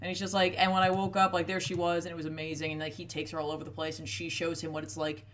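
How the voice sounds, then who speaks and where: A woman's voice: low voice, little pitch movement, fast talker, fairly bright tone, a little hiss or hum. A woman in casual chat, animatedly retelling a book's plot and acting out the characters' lines. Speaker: podcast co-host retelling a book.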